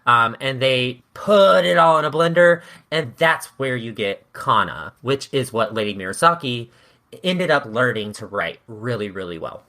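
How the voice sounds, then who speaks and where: Woman, podcast host, bright voice, playful, explains at length, laughs often. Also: rumbling low, lively intonation, moderate pace. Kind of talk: casual history explainer.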